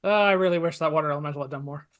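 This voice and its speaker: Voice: mid-range voice, racing. A player chatting casually at a tabletop game. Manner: casual, chatty, many fillers.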